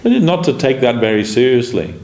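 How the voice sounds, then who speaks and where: This spiritual teacher's brisk, animated delivery comes in a medium-pitched, darkish voice as he shares anecdotes in a casual devotional class, playing out the dialogue and chuckling. Echo and faint background noise fill the temple lecture room.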